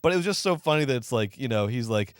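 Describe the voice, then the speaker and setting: A man's voice: mid-range voice, quick pace, clean tone, no room sound, studio quality. A man co-hosting a film podcast, talking casually and sarcastically with lots of fillers, acting out lines from the film. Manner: animated, acts out quoted lines in funny voices. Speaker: podcast co-host, film reviewer. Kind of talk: casual chat.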